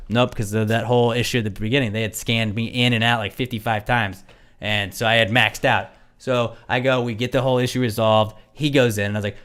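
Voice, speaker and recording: Man, young adult, podcast co-host, rapid speech, rambling, swearing, casual storytelling. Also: mid-range voice, fairly bright tone, clear, resonant tone. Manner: fast, rambling, lots of "like", swears freely.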